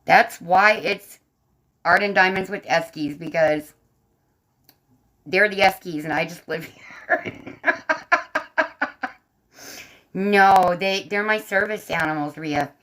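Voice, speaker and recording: A woman's voice: fairly low pitch, slow pace, long pauses, fairly bright tone, rough recording. A woman hosting a casual livestream from home, chatting to her viewers and her dogs. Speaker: livestream host. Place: home room. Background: dogs barking.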